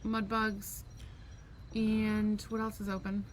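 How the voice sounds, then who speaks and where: A woman's voice: mid-range voice, completely flat delivery, takes it slowly, a little hiss or hum. A woman co-hosting a podcast at home, chatting casually and animatedly and swearing freely. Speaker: podcast co-host. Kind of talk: casual chat.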